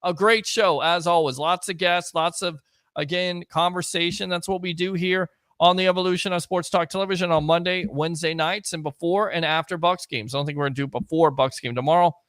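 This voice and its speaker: A man's voice: high voice, fairly quick, dry recording. A man hosting a live-streamed sports talk show, chatting with a caller and reading viewer comments. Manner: excitable, shouts catchphrases. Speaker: host.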